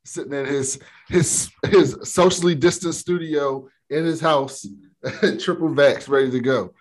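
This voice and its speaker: A podcast co-host retells a TV episode in slangy, casual talk, quoting the characters' lines as he goes. His voice is fairly high and his pace a little slow.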